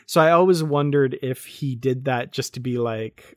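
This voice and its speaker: Relaxed, thoughtful podcast co-host man. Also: mid-range voice, normal speed, few pauses, no echo, studio quality. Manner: relaxed, thoughtful, laughs easily. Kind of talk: casual review chat.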